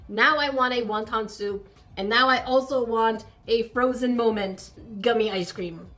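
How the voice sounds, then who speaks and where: A woman hosting a crafting vlog, chatting casually and gushing excitedly over tiny miniature items as she builds a project. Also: fairly high pitch, measured pace. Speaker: crafting channel host.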